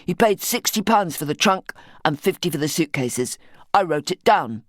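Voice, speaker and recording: A woman's voice: low voice, expressive, moderate pace, no room sound, clean studio sound. A woman reading the part of a direct, eager young man in an audiobook. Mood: curious.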